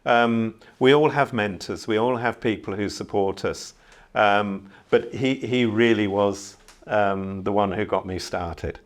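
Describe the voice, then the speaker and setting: A middle-aged man from the Channel Islands speaks in a fairly low voice. He talks like a seasoned ship captain telling a story, reflective and unhurried, with plenty of "um"s along the way. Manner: reflective, unhurried, many fillers. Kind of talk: conversational storytelling.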